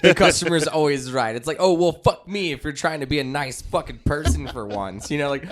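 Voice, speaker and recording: A young man co-hosting a casual podcast, rambling and swearing, often slipping into loud mocking voices. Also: on the high side, expressive, a little fast. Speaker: podcast co-host.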